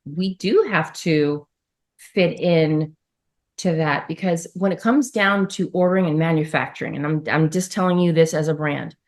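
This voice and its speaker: A middle-aged woman chats as a podcast guest in a somewhat low voice. She tells stories casually and loosely, with plenty of asides. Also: moderate pace. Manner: chatty, storytelling, with laughs and asides. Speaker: podcast guest, former model. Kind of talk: casual interview chat.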